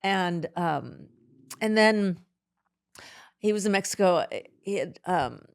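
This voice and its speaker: A middle-aged woman, a podcast guest, speaking haltingly and emotionally in an interview, with many restarts. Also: on the low side, animated, creaky.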